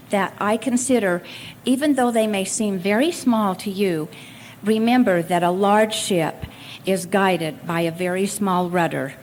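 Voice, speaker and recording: An older woman speaks from a podium at a convention, in a voice of middling pitch. She talks in a folksy way, moving from family anecdotes to her points. A faint hiss sits under her words. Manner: folksy storytelling with occasional laughs. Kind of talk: speech with anecdotes to an audience. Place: convention hall at a college.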